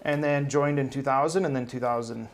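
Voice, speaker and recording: Gravelly-voiced man in his forties, chatty. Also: medium pitch, fairly even intonation, brisk. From South Dakota. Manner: upbeat, chatty, humble. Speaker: hospital CEO guest. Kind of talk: casual interview talk.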